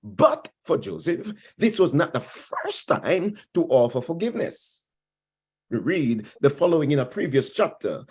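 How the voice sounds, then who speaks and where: A male pastor preaching with a high, husky voice that swings widely in pitch. He speaks straight to his congregation and repeats his key lines for emphasis. His delivery is an emphatic sermon. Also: very animated, measured pace, a little mellow. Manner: addresses congregation directly.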